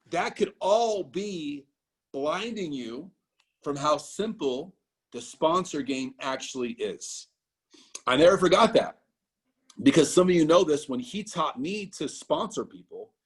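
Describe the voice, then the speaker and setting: Husky man giving a motivational training talk. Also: on the high side. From Idaho. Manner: storytelling, animated, talks straight to the audience. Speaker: business owner and team trainer.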